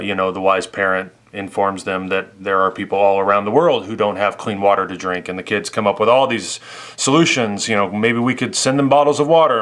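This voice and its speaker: Low-voiced man in his thirties vlogging. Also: a bit bright. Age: 30s. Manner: chatty, explaining his plans with restarts. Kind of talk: casual vlog.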